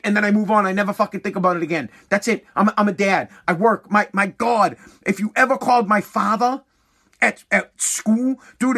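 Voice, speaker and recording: A middle-aged man doing stand-up, telling a profane story with lively asides and acted-out quotes. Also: high voice. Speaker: stand-up comedian.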